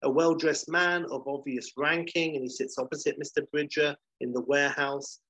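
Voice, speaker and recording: A man's voice: fairly high pitch, fairly even intonation, moderate pace, sharp tone, husky, dry recording, poor audio. A man casually retelling a film plot, chatty with many fillers, acting out the dialogue.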